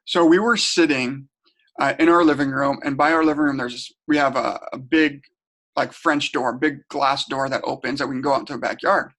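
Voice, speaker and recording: A man's voice: medium pitch, steady tone, normal speed, a bit bright. Chatty man presenting a webinar. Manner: chatty, storytelling, repeats and restarts words. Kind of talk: casual teaching talk. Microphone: home webinar setup.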